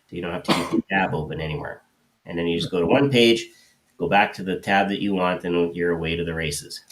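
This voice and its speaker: A man's voice: low-pitched, fast talker. A man co-hosting a live show, explaining things in a rambling way with many fillers. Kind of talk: casual explanation.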